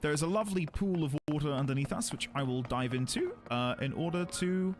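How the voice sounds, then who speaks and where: A man streaming a video game, chatting excitably with his viewers and laughing often. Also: a little high, fairly quick, soft background music. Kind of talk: casual live-stream commentary.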